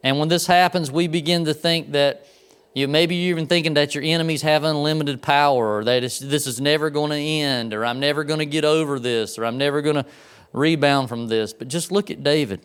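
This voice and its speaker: A man's voice: on the high side, brisk, a bit bright, smooth. Conversational man preaching a sermon. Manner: conversational preaching with asides to the congregation. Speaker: pastor.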